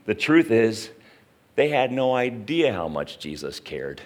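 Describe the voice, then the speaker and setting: A man's voice: medium pitch, lively intonation, unhurried. A middle-aged man preaching a sermon in a conversational way, often asking the listeners questions. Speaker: pastor.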